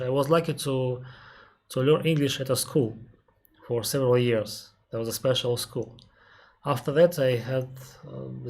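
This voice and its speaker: In a casual live-stream Q&A, an airline captain with a Russian accent answers viewer questions. His medium-pitched voice is a little mellow, and he explains patiently and unhurriedly, step by step, often restarting and pausing.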